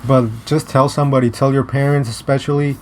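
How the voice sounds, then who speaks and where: A man's voice: mid-range voice, little pitch movement. A young American man talks through a story in a loose, rambling way, stopping and restarting mid-sentence. His speech is blunt and full of swearing, with a faint hiss of noise behind him. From United States. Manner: rambling, halting with many restarts and fillers; profane, blunt. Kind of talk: casual storytelling vlog.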